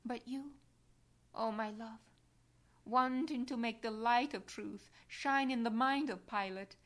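A woman reads a devotional meditation in a hushed, intimate voice that often sinks to a whisper. She speaks slowly, letting each phrase settle. Her voice sits fairly high. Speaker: reader.

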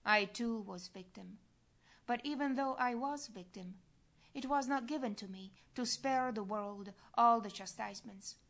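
A grieving, tender Christ , as a woman reads him out in a devotional reading. The delivery is slow and plaintive, with a solemn weight on each phrase. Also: a little high, fairly bright tone. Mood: grave. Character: grieving adult male Christ, tender and sorrowful.

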